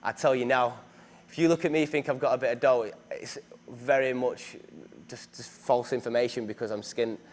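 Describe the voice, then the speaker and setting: A man's voice: mid-range voice, steady tone, normal speed. Chatty young man. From northern England. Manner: chatty, self-deprecating, many fillers and restarts. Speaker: actor being interviewed. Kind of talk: casual interview.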